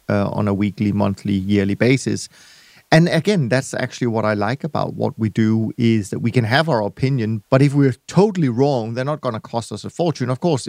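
A man's voice: mid-range voice, darkish tone, no echo. Reflective male podcast host, dry sound. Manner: reflective, hedging, searching for words. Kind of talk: conversational interview.

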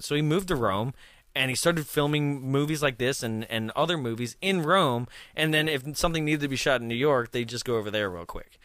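A man hosting a film commentary chat, telling a story in a lively way, acting out quotes and laughing often. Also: mid-range voice, fairly quick, clean tone, no echo, studio quality. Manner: animated, acts out quoted voices, laughs often. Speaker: film commentary podcast host.

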